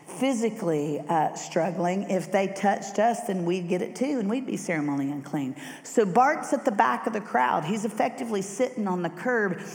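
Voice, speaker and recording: A middle-aged woman preaching a sermon, telling the story in a lively way and acting out the voices. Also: mid-range voice. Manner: animated storyteller who acts out voices. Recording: echoey hall reverb.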